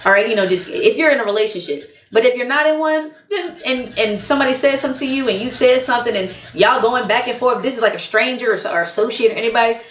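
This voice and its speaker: Speaking quickly with few breaks, a fairly high-pitched woman vlogs frank relationship advice in a casual monologue, often laughing and hammering points home through repetition. There's slight background noise and a roomy echo.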